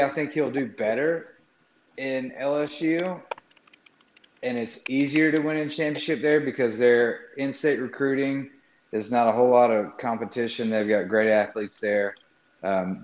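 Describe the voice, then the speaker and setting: A sports podcast panelist with a lowish voice gives blunt, skeptical opinions on a college football hire in casual sports talk. The recording comes from an echoey, muffled room mic with a little hiss or hum.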